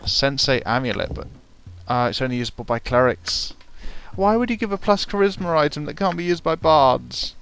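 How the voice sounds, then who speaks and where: A man's voice: a little high, big pitch swings, moderate pace, creaky, few pauses, fairly bright tone, smooth, dry recording. A man casually commenting on a fantasy role-playing game with dry, wry asides. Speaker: let's play commentator. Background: game music.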